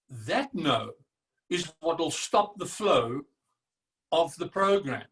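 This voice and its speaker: An older man giving a motivational talk on stress, emphatic and animated, acting out what the brain says, heard a little away from the mic. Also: a little high, unhurried. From South Africa. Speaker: speaker. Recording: distant from the mic.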